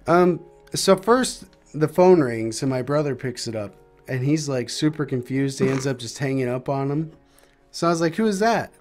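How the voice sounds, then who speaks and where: A man's voice: mid-range voice, moderate pace, a little mellow, soft background music. A young man hosting a podcast, casually rambling through a story while gaming and acting out the voices of the people in it. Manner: rambling, acts out quoted voices. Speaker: podcast host playing a game.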